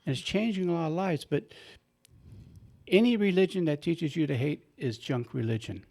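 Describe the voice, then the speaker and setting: Radio host guy, slightly high voice, earnest and emphatic. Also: normal speed, gravelly, darkish tone. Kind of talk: radio talk show conversation.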